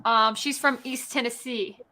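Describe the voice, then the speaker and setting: Bright, high-voiced bubbly woman host. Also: fairly even intonation. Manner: bubbly, joking, quick to laugh. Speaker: show host. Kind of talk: casual live-stream interview, reading viewer comments.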